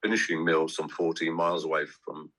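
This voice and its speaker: A man talks as a guest in a loose, rambling way, drifting from one memory to the next. His voice sits very low, yet it has a bright, forward edge. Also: flat delivery, a little fast, rough recording. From English West Midlands. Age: 60s. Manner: rambling, anecdotal. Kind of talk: casual chat.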